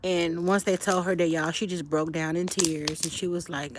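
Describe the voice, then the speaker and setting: A woman's voice: lowish voice, steady tone, fairly quick, hardly any pauses, background noise. A woman livestreaming outdoors by a fire on a cold night, chatting straight to her viewers and telling a personal story. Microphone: phone livestream.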